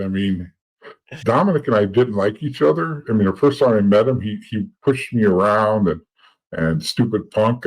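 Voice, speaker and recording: The voice is a man's, on the low side and slightly rough, captured in low-quality audio. This middle-aged podcast guest, once an informant, tells casual stories about his past in a blunt, profane way, repeating words often.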